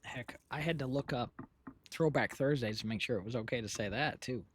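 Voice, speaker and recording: A woman's voice: a bass voice, fairly quick, a little hiss or hum. A woman co-hosting a stream in casual chat, rambling and laughing often. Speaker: streamer co-host.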